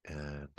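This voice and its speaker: A man instructor walking through a software tutorial in a casual, chatty way with offhand asides. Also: rumbling low, no echo. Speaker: accounting instructor. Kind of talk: screen-recorded software tutorial.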